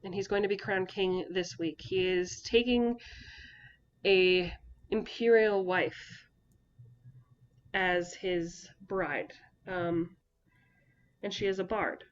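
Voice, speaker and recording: A woman voicing a desperate, grieving father who rules a land at war, speaking hoarsely and pleading. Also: fairly low pitch, fairly even intonation, takes it slowly, lo-fi sound. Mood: grave. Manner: pleading, near breaking.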